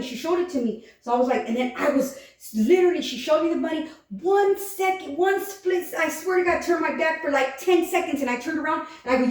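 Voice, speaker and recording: Woman, casual storyteller, higher voice, animated quotes; far-off mic, heavy room echo. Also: fairly quick. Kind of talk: casual chat. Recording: echoey room, distant mic, faint noise.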